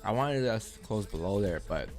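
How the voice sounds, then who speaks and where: A man's voice: on the low side, expressive, normal speed, a little mellow, faint music behind. Laid-back man talking through charts. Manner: laid-back, thinking aloud with fillers. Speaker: forex trading stream host. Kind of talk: casual chat and live chart analysis.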